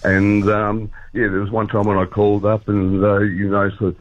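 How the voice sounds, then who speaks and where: Emotional Australian caller, low voice. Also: male voice, monotone, no room sound. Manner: halting, emotional, earnest. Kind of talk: talkback call-in. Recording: muffled dry phone line.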